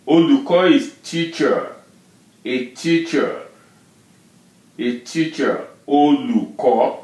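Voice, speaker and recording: A man teaching a language lesson, drilling syllables and tones slowly and patiently. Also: medium pitch, a little mellow, roomy sound, muffled recording. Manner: drills syllables and tone names, repeating words slowly. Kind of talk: slow, patient pronunciation lesson.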